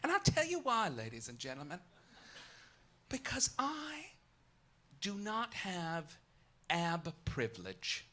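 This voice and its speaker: Campy, theatrical male comic, bright voice. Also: high-pitched, huge pitch swings, slow pace, long pauses, slight background noise. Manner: campy, arch, theatrical with sudden loud outbursts. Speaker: comedic host. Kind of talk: live stand-up monologue. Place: live club stage.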